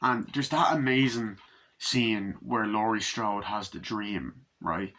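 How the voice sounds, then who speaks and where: A man's voice: fairly low pitch, takes it slowly, pushed and bright. A man giving a casual, rambling movie review, re-enacting scenes and swearing freely.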